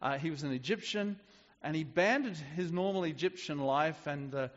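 A man's voice: a little high, normal speed, big-room sound, lo-fi sound. A man preaching a sermon in a conversational way, often restarting his sentences. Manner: conversational with frequent restarts and fillers.

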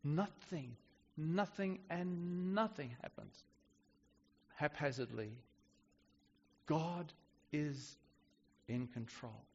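A man's voice: fairly high pitch, very slow, pauses often, big-room sound, lo-fi sound, a little hiss or hum. A man preaching a sermon in a conversational way, often restarting his sentences. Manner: conversational with frequent restarts and fillers.

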